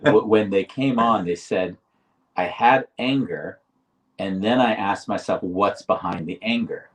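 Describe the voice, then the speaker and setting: A man with a very low voice co-hosts a reflective talk show. He explains ideas deliberately and often restarts his phrases. He sits a little back from the microphone, so his voice sounds somewhat distant. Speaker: podcast co-host.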